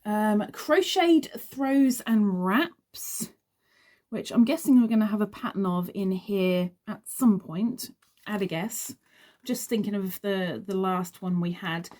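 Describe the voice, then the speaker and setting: A woman's voice: mid-range voice, mellow. A woman reviewing a crochet magazine, reading bits aloud and wandering into chatty asides. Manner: chatty, trails off into asides, unhurried. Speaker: crochet vlogger.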